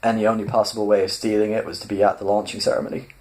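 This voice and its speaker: A man's voice: lowish voice, flat delivery, very fast, darkish tone, natural voice. A man voicing a brash, grinning male president of the galaxy in a poor put-on American accent that keeps slipping. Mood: offhand. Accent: put-on American, admittedly poor. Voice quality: casual, offhand, drifts between accents.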